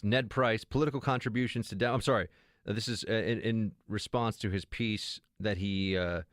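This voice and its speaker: Give me a low-pitched man, a talk host, sarcastic and emphatic, recorded dry. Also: fairly bright tone, no room sound. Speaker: radio host and political commentator. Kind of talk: political talk commentary.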